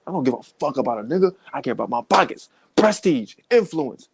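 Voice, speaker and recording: A man's voice: medium pitch, sing-song, fairly quick, creaky, breathy edge. A man hosting a podcast, giving a profane, heated, comedic rant. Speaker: podcast host.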